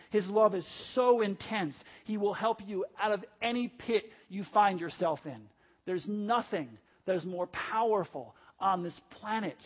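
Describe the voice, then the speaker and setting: A man preaching a sermon, emphatic and repetitive, calling on the congregation to answer back. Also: high voice. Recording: dull lo-fi audio.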